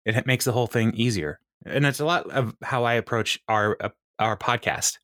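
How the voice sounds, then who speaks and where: This podcast co-host is a man who rambles through casual conversation and laughs a lot. He talks fairly quickly in a medium, slightly bright voice, with studio-quality audio and no echo.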